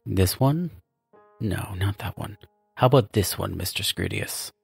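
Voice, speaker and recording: A man's voice: lowish voice, a little slow, creaky, breathy edge, no echo, soft background music, exaggerated voice. A man voicing a dim, eager young male demon nephew who speaks in a meek, subdued way.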